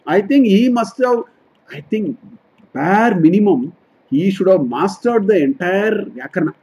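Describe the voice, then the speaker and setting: Husky high-voiced man teaching scripture. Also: lively intonation, measured pace, pauses often, darkish tone, muffled recording. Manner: explains Sanskrit verses line by line, repeating and self-correcting. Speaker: Vedanta teacher. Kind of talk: scriptural study talk.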